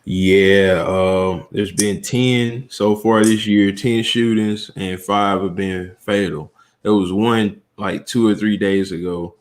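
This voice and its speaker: A man from Atlanta, a guest on a livestream, speaking slowly and thoughtfully with many pauses and fillers. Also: deep voice. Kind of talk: casual livestream chat.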